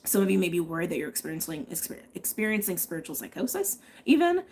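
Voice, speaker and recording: A woman's voice: on the low side, very animated, fast talker, darkish tone, slight background noise. A woman giving a live tarot and astrology reading, chatting and thinking aloud, often checking in with "okay?". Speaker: tarot reader.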